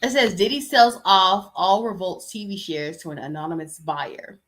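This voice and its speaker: Young woman, podcast host, sassy gossip, bright voice. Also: lowish voice, moderate pace. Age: young adult. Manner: chatty, sassy, reads news aloud and riffs on it. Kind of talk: casual gossip commentary.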